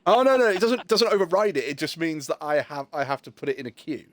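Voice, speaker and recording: A man's voice: on the high side, sing-song, quick pace, fairly bright tone, dry recording. A man, chatting casually on a game live stream as a rambling storyteller who swears freely.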